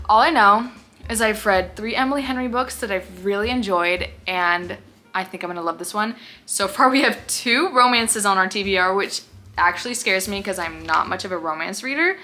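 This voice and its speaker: A woman book vlogger chatting casually about her reading picks, excitable and a little out of breath. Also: medium pitch. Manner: excitable, gasping and squealing at each pick.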